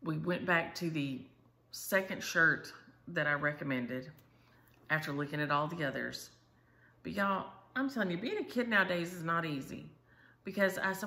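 Chatty woman, bright voice. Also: low voice, animated, normal speed. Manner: chatty storyteller, says "y'all". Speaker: Flosstube host. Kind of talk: casual chat.

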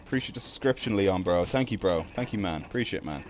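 A young Irish man streaming a video game, chatting casually with his viewers between drawn-out ums. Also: low voice, expressive, a little hiss or hum. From Ireland. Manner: laid-back, drawn-out ums, greets chat. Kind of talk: casual live-stream chat while gaming.

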